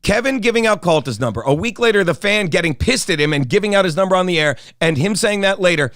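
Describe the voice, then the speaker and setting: A man with a high voice co-hosts a podcast and tells a long, rambling story full of profanity. He has a casual, meandering way of talking. The sound is dry and close, with no room echo. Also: lively intonation, fast, fairly bright tone. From South Jersey, United States. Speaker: podcast co-host and comedian. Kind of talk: casual chat.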